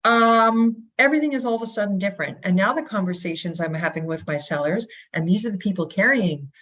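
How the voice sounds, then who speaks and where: A woman speaking as a guest in an interview, energetic, asking rhetorical questions and acting out quotes. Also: medium pitch, brisk. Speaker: real estate brokerage guest. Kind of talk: animated interview talk. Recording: dull lo-fi audio.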